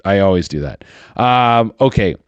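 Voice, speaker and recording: A man's voice: fairly low pitch, animated, normal speed, clear, resonant tone, dry recording, dull audio. A man in his thirties hosting a podcast, rambling crudely and profanely with lots of fillers and restarts. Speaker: podcast host. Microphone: studio microphone.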